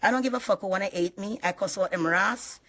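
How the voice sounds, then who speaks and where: A woman with a thick Jamaican accent vents on a live stream in heavy patois, cursing as she goes. Her delivery rambles and surges into loud, laughing outbursts. Her voice sits at a middling pitch for a woman. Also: fast talker. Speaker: vlogger. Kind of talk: emotional live-stream rant.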